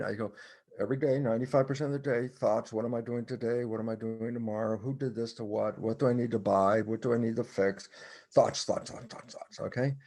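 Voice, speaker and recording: An older man, a cell biologist guest on a podcast, explaining his ideas in an animated storytelling way and acting out both sides of his imagined dialogues. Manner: animated storytelling, acts out his own dialogue with sudden high bursts. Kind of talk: conversational explanation in a podcast interview.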